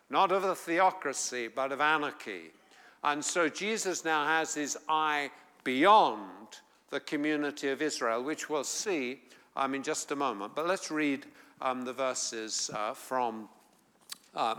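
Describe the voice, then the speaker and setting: A man with an English accent, from England, teaching a Bible class, reading scripture aloud and explaining it in a deliberate way. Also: fairly high pitch, bright, forceful tone, long reverb tail.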